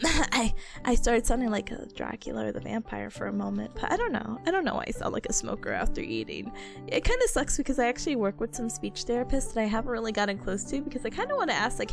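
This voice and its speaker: A woman's voice: sits high, very animated, normal speed, vocal fry, soft background music. A young woman streamer chatting casually with her viewers, bubbly and giggly. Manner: giggly, bubbly, talks to chat. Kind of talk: casual live-stream chat.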